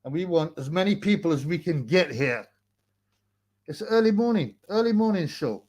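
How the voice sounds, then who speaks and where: A young man chats casually on a livestream, his voice sitting a little high. He rambles in slang, greets viewers and reads their comments aloud, and mocks a rival with scorn. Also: expressive, moderate pace, darkish tone, breathy edge. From United Kingdom. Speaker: livestream host.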